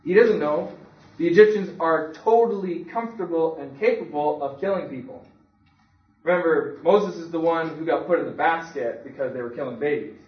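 A man delivers a sermon, telling it like a story and acting out the voices in the quotes. His voice sits a little high. He is recorded from a distance in an echoey room, and the sound is a bit dull. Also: moderate pace. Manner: conversational storytelling with acted quotes. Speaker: preacher.

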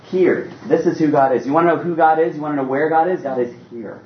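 A man preaching a sermon in an animated, conversational way with playful asides. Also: fairly high pitch, fast, slight background noise. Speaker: pastor. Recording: roomy, distant, dull sound.

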